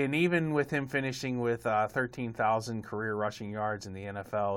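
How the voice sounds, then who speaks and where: Podcast co-host, male, lower register, loose and self-amused, lots of fillers. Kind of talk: casual sports podcast chat.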